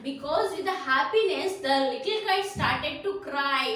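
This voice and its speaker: A woman with an Indian accent from Karnataka teaches a poem to young pupils, stopping to explain each line and asking "isn't it?" again and again. Her voice is high and bright. It rings in a very echoey room, picked up from some distance with faint ambience behind. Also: lively intonation, normal speed, slight background noise. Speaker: school teacher. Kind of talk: classroom poem lesson, mixing English and Kannada.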